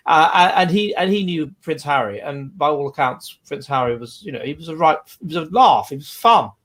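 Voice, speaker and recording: A man's voice: on the high side, animated, a little fast, a bit bright. A man, hosting a livestream and reading out viewer comments in a rambling, digressive way. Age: 40s. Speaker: livestream host.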